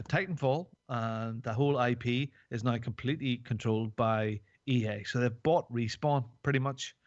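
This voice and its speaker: Give me a rambling podcast host, recorded on a dry, slightly dull mic. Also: male voice, mid-range voice, no echo. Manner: rambling and jokey, many fillers. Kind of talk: casual chat.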